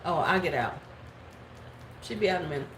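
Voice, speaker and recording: A woman in her forties chatting casually on a live stream, telling gossip and greeting viewers by name, sometimes slipping into squeaky voices to quote people. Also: expressive, fairly quick. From United States. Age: 40s. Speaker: beauty vlogger. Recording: echoey room with faint background noise.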